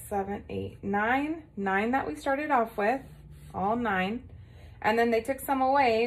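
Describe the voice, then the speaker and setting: A woman with a fairly high voice teaching a recorded morning lesson to small children. She talks patiently and warmly encourages them, checking in often as she counts along. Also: vocal fry.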